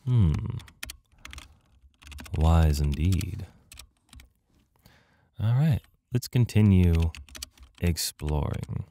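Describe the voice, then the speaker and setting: A man's voice: low voice, lively intonation, drawn-out words, long pauses, dark tone, slight background noise. A man doing let's play commentary on an adventure game, joking at his own expense and reading the game text aloud. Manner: jokey, self-mocking, reads game text aloud. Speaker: gamer playing through an adventure game.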